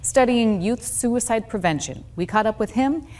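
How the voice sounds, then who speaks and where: A woman news anchor presenting a scripted segment in a composed, deliberate way. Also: fairly high pitch, lively intonation, darkish tone.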